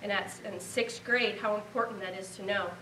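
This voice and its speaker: A woman's voice: medium pitch, fairly even intonation, normal speed, pushed and bright, echoey room, recorded from a distance, slight background noise, poor audio. A woman in her thirties from Nebraska giving a heartfelt award acceptance speech, earnest and grateful. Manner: heartfelt, earnest, speaking of a lost relative.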